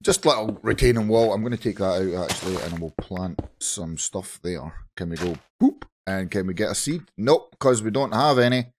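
Hoarse Scottish man, gaming chat. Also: lowish voice, animated, moderate pace, few pauses, background noise. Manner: chatty, talks to viewers while playing. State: hoarse from shouting. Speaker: gaming channel host. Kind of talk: casual Minecraft let's play commentary.

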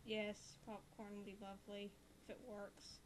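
A woman hosting a let's play, chatting casually and gushing excitedly as she plays. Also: mid-range voice, normal speed, slight background noise. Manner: excitable, gushing fangirl outbursts. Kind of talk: casual game commentary.

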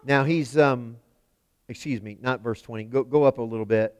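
A man preaching a sermon in a church, emphatic, swinging from loud declarations to hushed lines. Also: medium pitch, normal speed. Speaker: pastor. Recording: long hall reverb.

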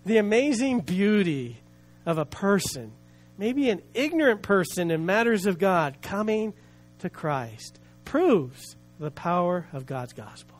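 A man preaching from the pulpit in a high, ringing voice. He tells his story with swelling feeling and builds to rhythmic, repeated phrases. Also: animated, normal speed. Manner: storytelling with swelling emotion, voicing quoted people. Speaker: pastor. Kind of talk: sermon.

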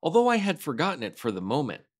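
A man reading a storybook aloud and voicing a gentle, slow-witted male teddy bear with a solemn, ponderous manner. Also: fairly high pitch, huge pitch swings, pitched above the performer's own voice.

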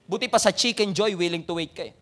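High-voiced Filipino preacher. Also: male voice, fast talker, a bit bright. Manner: conversational preaching with rhetorical questions and exhortations. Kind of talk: sermon.

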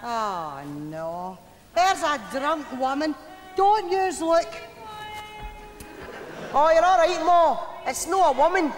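A weary, wry Glasgow mum. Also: female voice, high voice, big pitch swings, slow pace, pauses often, heavily acted. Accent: Glaswegian Scottish. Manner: chatty, wry, dry humour. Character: weary, wry Glasgow mother, middle-aged woman. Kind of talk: live stage sitcom performance. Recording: reverberant live stage with loud audience noise.

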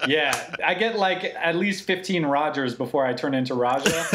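A man from Lebanon, a guest musician telling stories in casual podcast chat, animated and swearing freely. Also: fairly high pitch, moderate pace, noisy background. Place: barbershop in Brooklyn.

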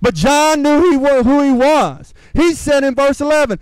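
A man's voice: very high-pitched, normal speed, hardly any pauses, no room sound, poor audio. A man preaching a sermon as pastor, repeating rhetorical questions, calling for amens, and using informal, earnest phrasing. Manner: repetitive rhetorical questions, calls for amen.

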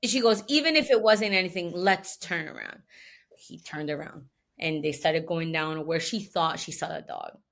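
A woman who founded an animal rescue, telling a story in a casual, animated way, with many restarts and quick emotion. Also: fairly low pitch, gravelly.

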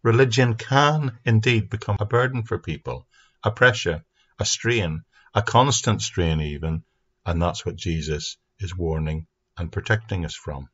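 A man teaching a Bible passage on his podcast in an earnest, steady way. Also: low-pitched, measured pace, husky, lo-fi sound. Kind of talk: recorded Bible study podcast. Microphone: speaking into a mic.

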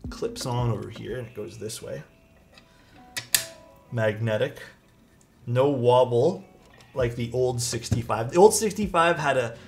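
A man talking casually on a live stream as he unboxes keyboard parts and thanks his chat. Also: medium pitch. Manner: thanks chat, muses aloud while unboxing. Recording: faint music behind.

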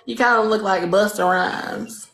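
A woman's voice: mid-range voice, a little slow, creaky, a bit bright, soft background music. A woman from Louisiana with a rural country accent, hosting a livestream with brash, crude, teasing banter and mock-pious talk. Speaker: livestream host. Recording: echoey room.

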